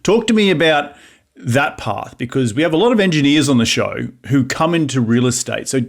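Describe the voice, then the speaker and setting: A man's voice: mid-range voice, expressive, fairly quick, gravelly. A man in his thirties with an Australian accent hosting an interview podcast, upbeat and chatty. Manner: upbeat, chatty, says mate often. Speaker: podcast host.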